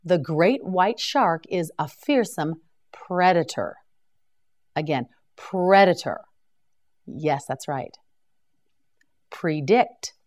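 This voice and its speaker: A woman leads a vocabulary drill at a very slow, deliberate pace. Her voice sits on the lower side, and she pronounces each word with care so learners can repeat it. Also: animated, darkish tone. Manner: slow, careful word-by-word pronunciation. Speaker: English vocabulary teacher.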